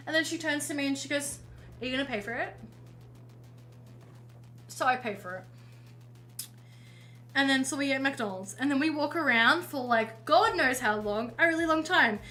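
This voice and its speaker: A woman's voice: high voice, sharp tone. A young woman streamer telling a long casual story, rambling and swearing, with frequent self-interrupting asides.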